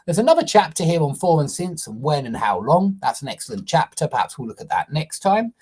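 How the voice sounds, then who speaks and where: A woman's voice: sits low, sing-song, fairly quick, darkish tone, husky. A woman teaching a live online English grammar lesson, reading example sentences aloud and then explaining them.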